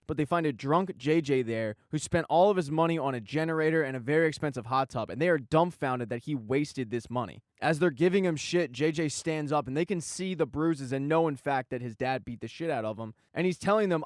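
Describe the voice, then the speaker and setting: A man's voice: fairly high pitch, no room sound, studio quality. A man narrating a television recap in a casual, jokey, irreverent way. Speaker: TV recap host.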